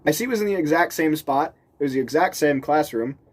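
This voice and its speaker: Man, casual storytelling vlog, rambling, self-correcting, laughs a lot, animated quotes. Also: fairly high pitch, a little fast. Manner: rambling, restarts sentences, laughs often; animated, voices the people he quotes. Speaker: vlogger telling a story.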